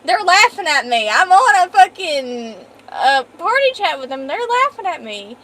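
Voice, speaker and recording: A woman's voice: high voice, very animated, moderate pace, fairly bright tone. A woman streamer in casual live-stream chat, trading profane, playful mock-angry banter.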